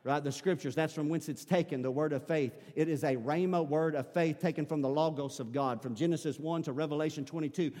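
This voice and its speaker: A man's voice: sits high, a little mellow. A man preaching a sermon as pastor, building emphasis with repeated calls to his congregation. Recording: long hall reverb.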